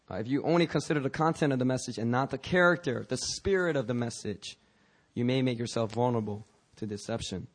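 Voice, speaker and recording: A man preaching a sermon in a loose, conversational way, joking with asides, restarting phrases and coughing now and then. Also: medium pitch. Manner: jokey and informal, frequent restarts and asides. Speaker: pastor.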